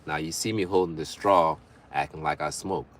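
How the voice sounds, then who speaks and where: A man's voice: rumbling low, normal speed, faint music behind. A young man hosting a livestream in casual chat, reading viewer comments aloud, bantering and laughing often. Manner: laughs often between remarks. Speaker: livestream host.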